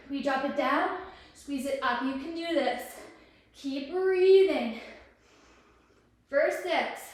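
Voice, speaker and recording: A young woman leading a prenatal workout, counting reps and cheering the listener on while a little out of breath. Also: sits high. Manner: encouraging, counts reps aloud. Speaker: prenatal fitness instructor. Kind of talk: guided workout instruction. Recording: very echoey room, from a distance.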